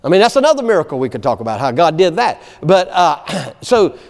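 Long hall reverb surrounds a man with a voice on the high side who preaches fairly quickly. He tells folksy stories in an animated way, laughing in asides and calling out "amen" again and again.

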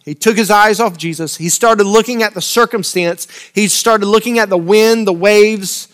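Male preacher, high-pitched, dramatic loud-soft delivery, repeats key phrases. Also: moderate pace. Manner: dramatic swings between loud urgent lines and quiet intimate asides. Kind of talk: sermon.

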